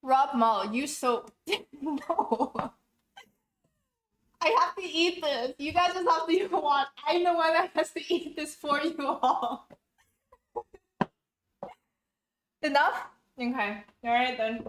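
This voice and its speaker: Slow and high, with a fairly bright tone and long pauses, this young woman talks herself through a recipe for her cooking vlog. The home-kitchen recording carries a roomy echo and faint noise, and she comes across chatty, giggly and a little flustered.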